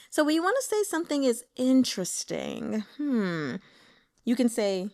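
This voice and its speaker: A woman hosting a casual book discussion who breaks off to teach how to say Mandarin names, talking with lively enthusiasm. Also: fairly high pitch, measured pace. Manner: excitable, teaches Mandarin name pronunciation. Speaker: book club host.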